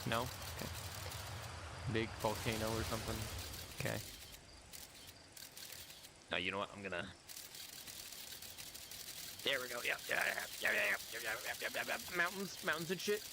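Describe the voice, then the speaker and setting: A man's voice: medium pitch, moderate pace, long pauses, background noise. A man playing a game and talking to himself in a rambling, casual way. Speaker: gamer playing and reading aloud. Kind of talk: casual gaming commentary.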